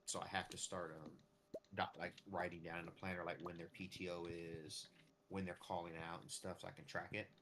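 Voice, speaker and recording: A man's voice: deep voice, flat delivery, normal speed, background noise. An American man streaming a game, chatting casually with lots of fillers and restarts. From United States. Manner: rambling, full of fillers and restarts. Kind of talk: casual chat while streaming a farming game.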